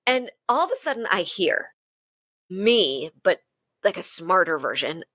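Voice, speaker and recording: A woman speaking as a relationship expert on a podcast, candid and animated as she tells personal stories. Her voice sits a little low. The sound is close and dry. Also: unhurried, no room sound. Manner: open, animated storytelling with self-deprecating laughs.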